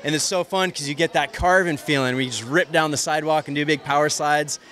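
A man giving an excited, nonstop pitch for his product. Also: fast talker, a little hiss or hum. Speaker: product demonstrator.

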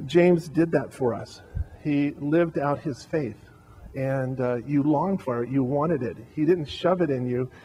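A man speaking as a pastor at a memorial service, giving a heartfelt eulogy with frequent halting restarts. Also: on the high side, darkish tone, rough recording.

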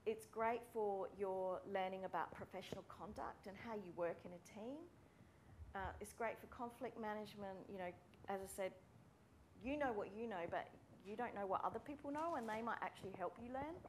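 A woman, a speech pathology lecturer giving a friendly, brisk welcome talk to students and calling out names. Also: medium pitch, a little hiss or hum. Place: university room with students.

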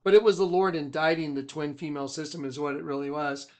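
A man who leads a ministry, telling a rambling personal story with emphatic swings from loud to hushed. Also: on the high side, steady tone, fast. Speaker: ministry leader.

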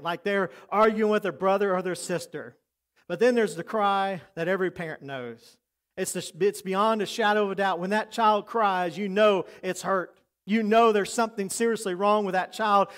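Проповедник с высоким голосом, мужчина. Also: male voice, sits high. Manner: earnest, preacherly, drops to soft intimate tones for emphasis. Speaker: pastor. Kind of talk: sermon.

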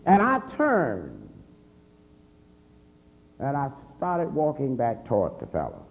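A man's voice: huge pitch swings, slow pace, gravelly. Man preaching a testimony in a hall. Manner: storytelling, swings from low murmur to shouting. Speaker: minister giving testimony. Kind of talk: convention sermon testimony. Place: large convention hall. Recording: reverberant hall with faint hum.

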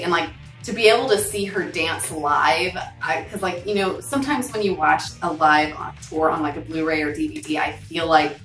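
A woman's voice: on the low side, distant mic. Gushing woman vlogger, echoey room. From United States. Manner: gushing, excitable, lots of fillers and laughs. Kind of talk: casual chat. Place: home room with posters. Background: soft background music.

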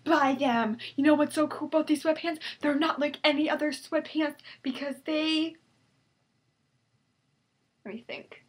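Bubbly infomercial saleswoman, done by a young woman: very high, loud, sing-song. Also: steady tone, unhurried, long pauses, slight background noise. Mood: hyped. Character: overexcited female sweatpants saleswoman, pushy and bubbly.

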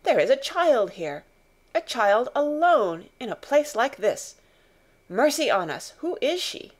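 A woman's voice: medium pitch, big pitch swings, moderate pace, vocal fry. A woman reading the lines of a large, troubled army officer in an audiobook, exclaiming in shock.

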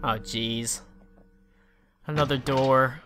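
A let's play gamer swearing and shouting at enemies while commenting on the game to the viewer. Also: medium pitch, slow pace, over music. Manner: profane, excitable, yells at enemies on screen; talks to the viewer while playing. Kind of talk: casual gameplay commentary.

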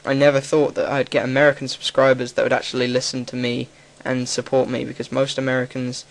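A man's voice: mid-range voice, monotone, brisk, gravelly. A young man with an English accent, talking frankly and rambling as a gaming commentator. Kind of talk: casual gaming commentary monologue.

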